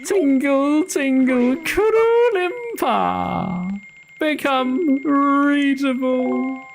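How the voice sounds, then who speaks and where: Casting: a greedy, fairy-mad eccentric, high and sing-song, with big swoops and a gravelly catch. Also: male voice, animated, extremely slow, heavily acted. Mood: preposterous. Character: eccentric grown man in fairy costume, giddy and greedy. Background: game music.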